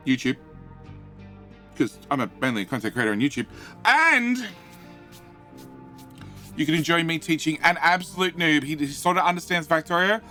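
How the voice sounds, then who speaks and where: Faint music sits behind a man streaming a game live, who speaks in a bright, high, forceful voice. Calling out greetings and joking with viewers, he stammers and repeats himself along the way.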